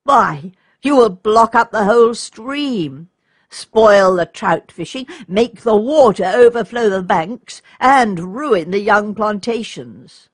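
Woman reader as grumbling storybook forester, lower and louder, breathy, unhurried. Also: expressive, no echo, clean studio sound. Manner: grumbling, scolding. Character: forester Ivan, a gruff grumbling older man.

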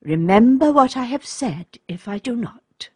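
A woman reading the part of a gentle young widowed princess mother, speaking tenderly and gravely in a soft, husky voice. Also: a little high, animated, measured pace, no echo, clean studio sound, pitched above the performer's own voice. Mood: sad, grave.

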